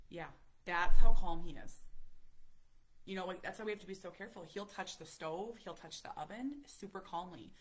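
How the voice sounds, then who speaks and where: A woman in her thirties, a parent vlogger telling a story in casual, animated chat, full of fillers and acted-out quotes. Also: fairly low pitch, normal speed. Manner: animated, chatty, many fillers, acts out quotes.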